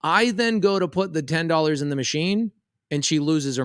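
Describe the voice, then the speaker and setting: A man, telling a lively story on a podcast and acting out the voices. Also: a little high, normal speed, clear, resonant tone, dry recording, clean studio sound. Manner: animated, quotes voices in a story. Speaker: podcast co-host. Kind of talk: casual storytelling chat.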